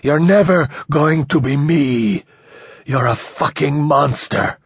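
A man reading a story, voicing a dying bearded man who gasps and rasps between fear and spite. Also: fairly high pitch, slow pace, no echo, dull audio, voice pushed up, full character voice. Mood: spiteful. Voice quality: gasping, rasping.

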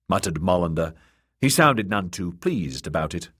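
A man narrates a fantasy novel in a deep, husky voice. He reads slowly, with a lively, rising and falling delivery. The recording is close and dry. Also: dry recording. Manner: measured, expressive storytelling. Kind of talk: audiobook narration.

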